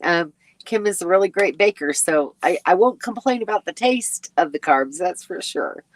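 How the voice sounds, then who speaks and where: Sleepy, chatty woman with a lowish voice. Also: expressive, moderate pace. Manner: chatty and rambling, with frequent ums and little laughs. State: sleepy and yawning. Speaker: RV travel vlogger hosting a live chat. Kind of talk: casual live-stream chat, reading viewer comments aloud.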